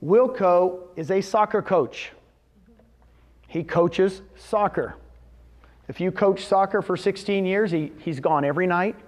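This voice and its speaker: An energetic middle-aged man giving a motivational business talk, firing questions at the audience and answering them himself. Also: high-pitched, unhurried. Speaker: real estate brokerage executive speaking at a company event.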